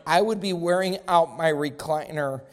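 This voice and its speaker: A man's voice: a little high, moderate pace. A man pastor preaching a sermon, with emphatic rising bursts, repeated phrases.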